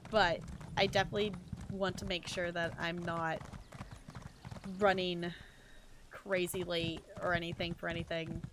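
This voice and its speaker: A woman's voice: fairly low pitch, level tone, a little slow, long pauses, noisy background. A woman game streamer chatting casually as she plays, thinking aloud and laughing often. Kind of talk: casual chat while playing a game.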